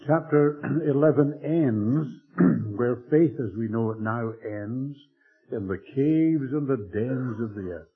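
A man preaching a Bible-teaching sermon in a measured, emphatic way, often clearing his throat. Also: mid-range voice. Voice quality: husky. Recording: old tinny phone-like tape with faint music.

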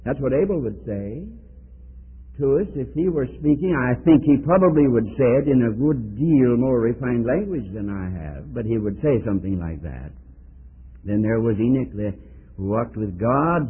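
A man preaching a sermon, swinging between loud pleading and low hushed tones as he fires off rhetorical questions. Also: animated, moderate pace, slightly rough. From United States. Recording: tinny phone-like archival recording.

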